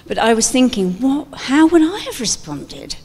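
A woman giving a sermon-like talk at a church event, telling stories in an animated way and acting out scenes. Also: high-pitched, moderate pace, slightly rough. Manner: animated storytelling, acts out scenes. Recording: long hall reverb.

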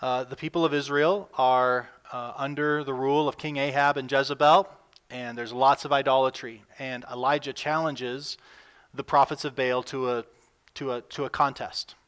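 Male pastor, mid-range voice, earnest sermon delivery that lifts in pitch and volume on scripture. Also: fairly even intonation, moderate pace, a bit bright, smooth.

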